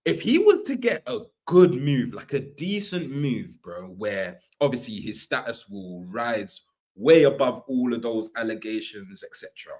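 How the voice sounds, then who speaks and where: A man's voice: medium pitch, animated, measured pace, darkish tone. A man, co-hosting a casual football podcast, agreeing a lot and joking in slang. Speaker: podcast co-host.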